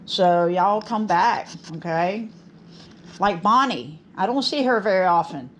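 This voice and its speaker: Middle-aged woman hosting a craft channel, slow, gushing, chatty, faint room hiss. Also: medium pitch, expressive. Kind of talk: casual chat to camera.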